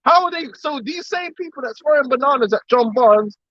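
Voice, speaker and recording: A man's voice: extremely high pitch, lively intonation, a little fast, no echo. A man giving an impassioned lecture to a group. He talks emphatically, repeats words and keeps firing off rhetorical questions. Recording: dull, dry recording.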